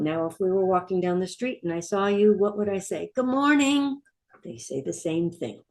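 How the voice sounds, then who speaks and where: A woman's voice: fairly low pitch, dark tone. A middle-aged woman teaching a Hebrew vocabulary lesson, patiently repeating each word and asking listeners to say it with her.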